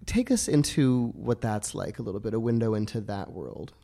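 A woman's voice: a bass voice, animated, normal speed, vocal fry, warm tone. A woman hosting a casual podcast interview, laughing easily and asking encouraging questions. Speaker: podcast host.

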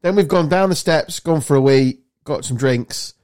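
Rambling lad spinning a yarn. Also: male voice, on the high side, normal speed. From South Lincolnshire, England. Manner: rambling, animated anecdote-telling with sweary banter. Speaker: podcast host. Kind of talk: casual storytelling chat.

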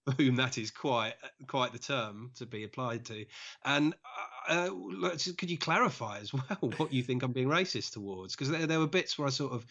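Male comedian guest, chatty storyteller with frequent laughs; bright tone, muffled lo-fi recording. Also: mid-range voice, normal speed, vocal fry. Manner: chatty, laughs often while telling stories. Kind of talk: casual podcast chat.

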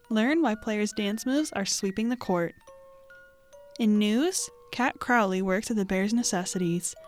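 A young woman hosting a student podcast, reading a script with wry asides to the listener. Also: mid-range voice. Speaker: student podcast host and reporter.

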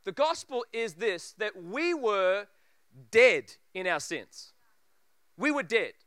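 A preacher telling a funny story in a sermon, acting out voices and laughing often. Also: male voice, sits high, very animated, takes it slowly, a bit bright, no echo, studio quality.

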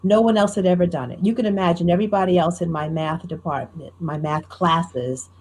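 A middle-aged woman with a faint New Jersey accent, a professional storyteller talking in a lively, self-deprecating way in an interview. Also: on the low side, brisk, husky. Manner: animated, self-deprecating, tells anecdotes with quoted dialogue. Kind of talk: conversational interview.

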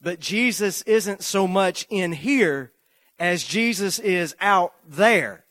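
A man preaching a sermon, moving from slow, measured lists to loud, rising repetition as he tells a story. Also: sits high, animated, no room sound, studio quality.

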